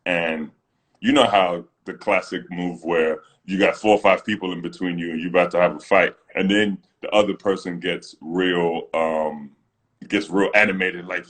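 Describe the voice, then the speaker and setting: Speaking at a normal speed, this former professional basketball player from Britain co-hosts a relaxed livestream, his deep voice carrying lively stories. He acts out quotes and laughs a lot, all captured through a phone on the live stream.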